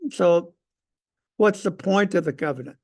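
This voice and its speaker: A man teaches a Sunday school lesson in a gravelly, high, slightly raised voice with a somewhat mellow tone. Unhurried, he speaks conversationally but emphatically, stopping often to ask his class questions.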